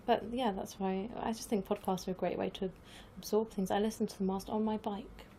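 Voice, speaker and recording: A woman's voice: mid-range voice, fairly even intonation, a little fast, warm tone, slight background noise. A woman talking as a guest on an improv podcast, giggly and hesitant, with many fillers. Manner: giggly, laughs often. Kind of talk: casual interview chat.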